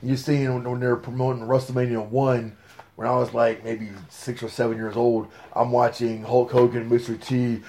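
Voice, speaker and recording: A man, telling stories as an interview guest in a casual podcast chat, excitable and full of fillers. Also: medium pitch, normal speed. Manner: excitable storyteller, lots of fillers.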